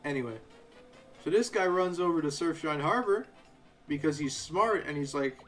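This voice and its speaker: A young man casually commenting on a live game playthrough, shifting from quiet narration into animated, sarcastic rants. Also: fairly high pitch, moderate pace, soft background music. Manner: ranting, sarcastic, animated asides. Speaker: game streamer.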